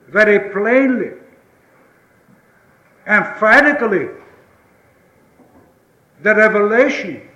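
A high, bright-voiced man delivers a slow, deliberate sermon. He repeats his phrases with emphasis, pleading one moment and dropping low the next. The sound rings in an echoey church. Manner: emphatic, repetitive preaching with rising pleas and sudden hushed drops. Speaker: pastor.

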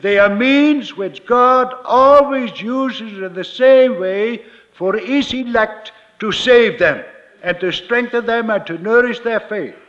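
A man preaching a sermon as a minister, slow and emphatic, repeating his key phrases. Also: extremely high pitch, fairly bright tone, lo-fi sound.

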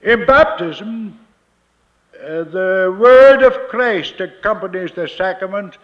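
A man preaching a sermon as a minister, slow and emphatic, repeating his key phrases. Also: high-pitched, a bit bright, highs cut off.

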